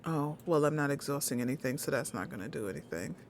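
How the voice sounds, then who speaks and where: A woman streaming a card game, muttering her moves quietly between bursts of loud laughing chat. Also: very deep voice, lively intonation, fast talker, slight background noise. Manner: mutters quietly while playing, then loud laughing banter. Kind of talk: casual gameplay commentary.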